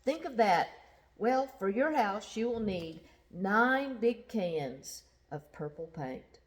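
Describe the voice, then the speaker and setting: A cheerful paint seller from a picture book, put on by a woman reading aloud. He sounds higher and eager, with a lively, bouncing pitch. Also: slow.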